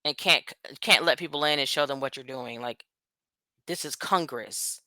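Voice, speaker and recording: A woman with a bass voice and sharp tone, in a dry recording, talks straight to her viewers. She's a US vlogger delivering casual political commentary as a blunt, profane, rambling rant with quick asides.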